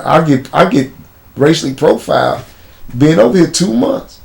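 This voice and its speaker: A man's voice: fairly high pitch, animated, normal speed, creaky, darkish tone, slight background noise. A man with a Chicago accent, an interview guest telling stories bluntly in street slang. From United States. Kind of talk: casual interview storytelling.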